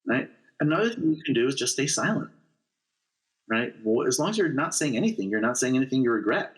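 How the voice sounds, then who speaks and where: Animated man explaining negotiation. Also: medium pitch, fast talker, rough recording. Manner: animated, acts out dialogue examples. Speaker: negotiation lecturer and author. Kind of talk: explanatory interview answers.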